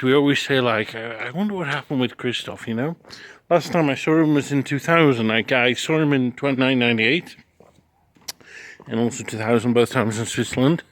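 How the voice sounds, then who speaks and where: A man in his forties talks through his day in a loose, frank way, circling back, restarting sentences and swearing casually. His voice sits at an ordinary middle pitch for a man. He sounds like a travel vlogger telling his viewers about the day. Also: fairly bright tone, no echo. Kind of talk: casual spoken recap to camera.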